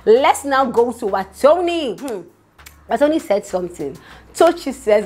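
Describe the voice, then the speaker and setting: A woman's voice: fairly high pitch, a little slow. Chatty Nigerian woman vlogger. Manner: chatty, animated, addresses viewers as "my darling". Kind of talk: casual gossip commentary.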